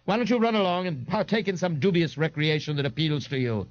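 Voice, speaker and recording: A man's voice: fairly high pitch, brisk, no echo, voice pushed up, natural voice. A man voicing a pompous, indignant and bloated male eccentric in an audiobook, haughty and scolding with grand pronouncements. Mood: scornful. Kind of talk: audiobook character voice. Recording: dull, dry 1989 tape recording.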